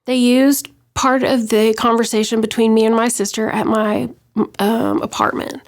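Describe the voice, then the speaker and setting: Gravelly-voiced woman, hesitant. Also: a little high, level tone, normal speed. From West Texas. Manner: hesitant, many ums and restarts. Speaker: interview guest. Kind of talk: personal account in an interview.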